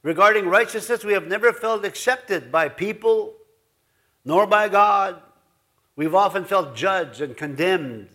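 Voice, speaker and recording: A man's voice: high voice, lively intonation, unhurried, pushed and bright. A man pastor giving a folksy, rambling sermon in his church, full of asides. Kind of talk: conversational sermon.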